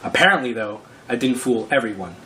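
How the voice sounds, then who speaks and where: Young man narrating with a lively, wry voice. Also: mid-range voice, fairly quick, far from the mic, crowd noise, low-quality recording. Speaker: prankster telling his story. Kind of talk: casual vlog narration.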